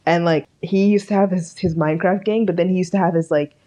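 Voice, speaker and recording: A woman's voice: fairly low pitch, steady tone, quick pace, mellow. A woman co-hosting a podcast, chatting casually, rambling, swearing freely and trailing off. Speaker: podcast co-host. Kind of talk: casual chat.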